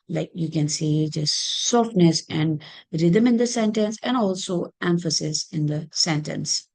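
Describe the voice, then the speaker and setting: A woman's voice: deep voice, darkish tone. A woman teaching an Arabic grammar lesson in English, explaining each rule step by step with frequent small fillers.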